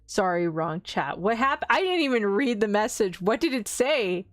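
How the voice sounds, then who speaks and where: A woman's voice: mid-range voice, big pitch swings, moderate pace, no echo. A young woman streams in a loose, rambling chat, giggling as she goes. Her voice sits in an ordinary middle range. The sound is close and dry. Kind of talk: casual chat.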